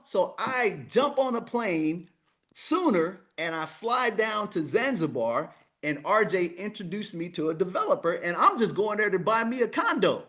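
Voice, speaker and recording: A man's voice: sits high, normal speed. A man in his fifties, a money coach, telling a story as a podcast guest, acting out each exchange and repeating "I said" again and again. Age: 50s. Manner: animated, acts out the dialogue, keeps repeating "I said".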